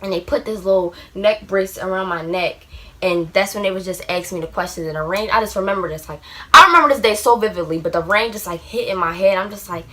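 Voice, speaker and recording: Young woman vlogger, casual storytime delivery, bright tone, filler-heavy and chatty. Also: mid-range voice, fast. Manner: rambling, heavy use of "like", acts out shouted quotes. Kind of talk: storytime vlog, casual retelling.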